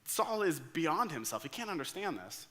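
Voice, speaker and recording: An American man preaching a sermon, telling a story with lively acted-out quotes. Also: fairly high pitch, normal speed. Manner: energetic storyteller acting out quoted lines. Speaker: pastor.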